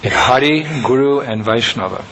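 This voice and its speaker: Brief: male spiritual teacher, relaxed anecdotal sermon, soft chuckles, faint noise behind. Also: mid-range voice, normal speed, low-quality recording. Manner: conversational, anecdotal, with soft laughs.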